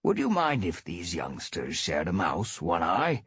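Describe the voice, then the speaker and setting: A man's voice: low-pitched, wildly swooping pitch, a little slow, a bit bright, slightly rough, no room sound, full character voice. A man doing a testy old tom elder. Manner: testy and gossipy.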